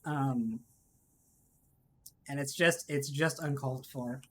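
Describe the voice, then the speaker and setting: A woman's voice: rumbling low, steady tone, slow. Rambling woman streamer chatting while gaming. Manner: rambling, laughing, self-interrupting. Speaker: VTuber streamer. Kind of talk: casual live-stream chat.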